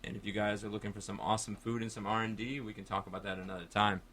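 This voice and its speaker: A man's voice: on the low side, little pitch movement, very fast, a bit bright. A man hosting a call-in radio talk show, chatting in a casual, rambling way from a studio microphone.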